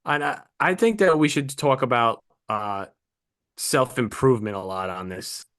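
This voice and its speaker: A man's voice: mid-range voice, normal speed, a bit bright, clean tone. A man co-hosting a casual podcast, telling rambling stories in a laid-back way and swearing now and then. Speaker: podcast co-host.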